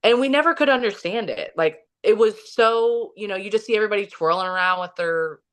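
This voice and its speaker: A woman's voice: mid-range voice, expressive, fairly quick. A woman from the US Midwest, a podcast guest telling a story in a casual, rambling way, full of "like" and restarts. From Kansas City, Missouri, US. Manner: rambling, heavy use of "like" and restarts.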